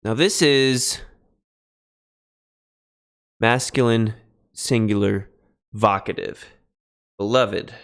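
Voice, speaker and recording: A man streaming a Greek translation lesson, thinking aloud in a halting way and pausing while he writes notes. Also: lowish voice, clear, resonant tone. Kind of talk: relaxed live-stream teaching.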